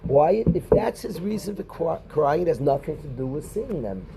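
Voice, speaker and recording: A rabbi teaching a Talmud class in a conversational way, quoting Hebrew and Aramaic and calling on students by name. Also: male voice, on the high side, sing-song, moderate pace, creaky, noisy background.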